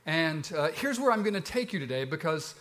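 Storytelling Southern pastor. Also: male voice, brisk. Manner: storytelling, lively pitch swings, conversational. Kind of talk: sermon.

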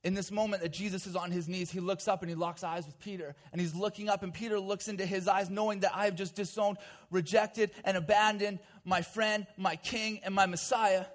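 High-voiced man preaching a story sermon. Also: fairly even intonation, brisk, few pauses. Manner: vivid storytelling with conversational asides. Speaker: pastor.

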